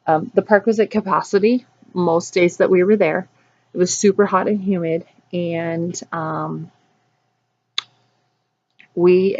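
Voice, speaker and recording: A woman's voice: lowish voice, muffled recording. Chatty woman rambling in her backyard. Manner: rambling, wanders off topic. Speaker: cross-stitch vlog host. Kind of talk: casual chatty vlog. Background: birds singing.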